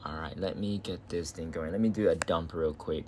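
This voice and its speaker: A man's voice: sits low, normal speed, a little mellow, slight background noise. A young Australian man chatting casually with viewers on a game live stream, loose and chatty with the odd swear word.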